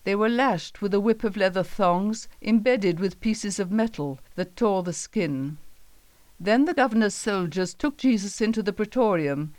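Speaking in a middle-pitched voice, a woman narrates a story from the Bible in a calm, even manner. The audio is close-miked and dry, with no room ambience.

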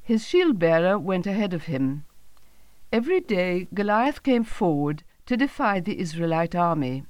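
A woman narrating a Bible story in a calm, even storytelling manner, reading the quoted lines in her own voice. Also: lowish voice, measured pace, no echo.

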